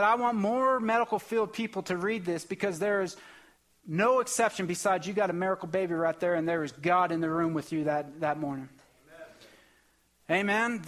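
Male preacher, young, fairly high voice, impassioned testimony delivery with surging emphasis. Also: a bit bright. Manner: emotional, impassioned storytelling with rising bursts. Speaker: pastor. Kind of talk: sermon testimony.

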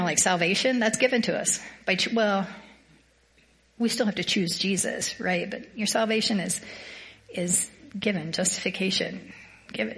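A woman's voice: mid-range voice, a bit bright. A woman sharing a personal faith reflection in casual talk, rambling and self-deprecating, telling a story with animation. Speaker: small group participant sharing a reflection.

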